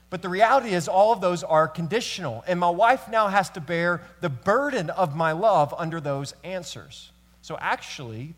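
A man preaches in a loose, conversational way, talking straight to the men in the congregation. His voice sits a little high for a man. The sound carries a long church-hall reverb. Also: fairly bright tone. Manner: conversational storytelling, addresses the men in the room. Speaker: pastor. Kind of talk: sermon. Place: church sanctuary.

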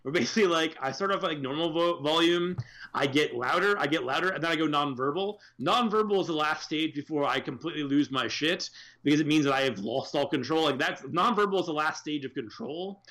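Man co-host, slightly higher voice, loose rambling talk full of fillers and cursing. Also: a little fast, a bit bright. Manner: rambling, profane, many fillers. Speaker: podcast co-host. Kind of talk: casual chat.

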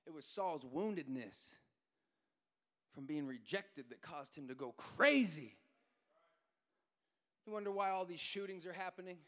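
Brief: male preacher, sermon in a church hall, long reverb, rises from soft retelling to sing-song shouting. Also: a little high, animated, measured pace, pauses often. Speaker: pastor. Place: church sanctuary.

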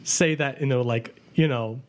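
A man's voice: mid-range voice, normal speed, darkish tone. A man playing in a tabletop role-playing game, speaking hesitantly with many fillers, shifting into mock-formal character speech. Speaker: player.

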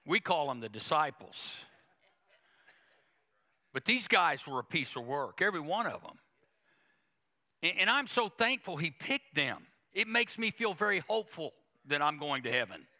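A man's voice: on the high side, big pitch swings, normal speed, long pauses, bright, forceful tone. A male pastor preaching a sermon, emphatic, with repetition and quoted asides to the congregation.

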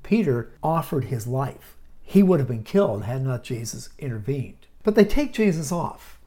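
A man teaching on a podcast, retelling a Bible story dramatically, swinging from loud stresses to hushed asides. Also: mid-range voice, sing-song, moderate pace.

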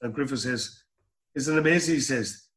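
At normal speed and in a medium-pitched, fairly bright voice, a middle-aged man from Ireland shares stories as an interview guest. His telling is rambling, with repeated words.

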